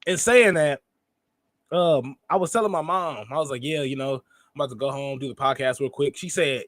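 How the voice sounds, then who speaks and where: High-voiced teasing male co-host. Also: brisk, no room sound, studio quality. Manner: animated teasing storyteller, laughs often. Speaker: podcast co-host. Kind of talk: casual chat.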